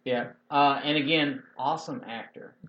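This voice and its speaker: A man's voice: medium pitch, normal speed. A man co-hosting a podcast, telling a long rambling story in a folksy, casual way. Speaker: podcast co-host. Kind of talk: casual chat. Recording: dull lo-fi podcast audio with faint hiss.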